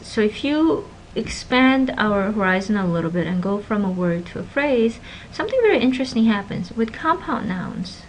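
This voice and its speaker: A woman gives a linguistics lecture at a middle pitch, leaning hard on example words and then slipping into soft asides. Her voice has a faint hum of room noise behind it. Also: low-quality recording. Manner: animated teacher, stresses example words, drops to soft asides. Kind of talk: recorded classroom lecture.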